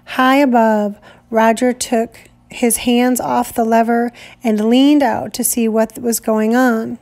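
A woman teacher reading a novel aloud in a measured, deliberate way. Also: a little high, flat delivery, darkish tone.

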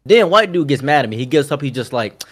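A man who hosts convention panels, chatting casually and telling stories with animated quotes of the people in them. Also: medium pitch, fast. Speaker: content creator and convention panelist. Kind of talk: casual storytelling chat.

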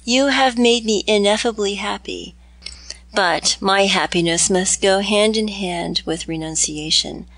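A woman's voice: mid-range voice, a little slow, creaky, fairly bright tone, no room sound. A woman reading aloud as a tormented young man in a storybook, grave and melancholy. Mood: tender. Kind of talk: audiobook reading.

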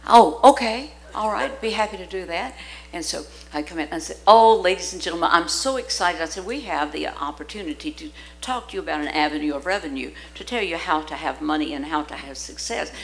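A woman's voice: low-pitched, fast talker, gravelly, fairly bright tone, rough recording. An older woman preaching in church, telling stories with lots of energy, acting out the voices she quotes and laughing often. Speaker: guest preacher. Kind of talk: sermon with storytelling. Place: church sanctuary.

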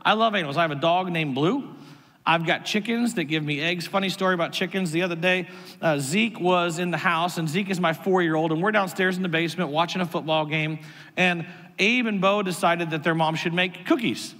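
A man in his thirties, a pastor preaching a sermon with animated storytelling and sudden jumps in pitch, heard in a church sanctuary. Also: a little fast. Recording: long reverb of a large hall.

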